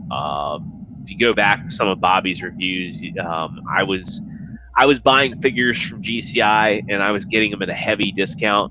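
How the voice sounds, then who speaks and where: A man's voice: deep voice, dull audio, noisy background. A man chatting casually as a guest on a livestream, rambling and swearing, full of fillers. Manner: rambling, profane, filler-heavy.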